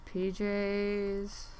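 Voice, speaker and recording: A woman's voice: medium pitch, a little mellow, slight background noise. A woman thinking aloud while she sketches on a stream, rambling and easily distracted, with lots of filler words and sudden exclamations. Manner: exclaims at what she sees on screen. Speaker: artist streaming while drawing.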